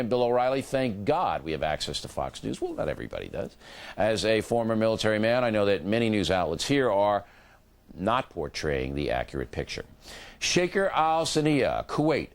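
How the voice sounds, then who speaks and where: A man with a low voice and a lively, swinging pitch hosts a cable news program. He reads viewer letters on air and answers them with clipped, dry comebacks. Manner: reads letters aloud, then answers with curt dry retorts. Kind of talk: reading viewer mail on air.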